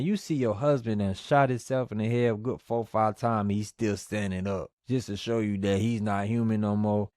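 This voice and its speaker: A man giving a casual movie review, telling the story in a lively, slangy, profane way. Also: on the low side, no echo, studio quality.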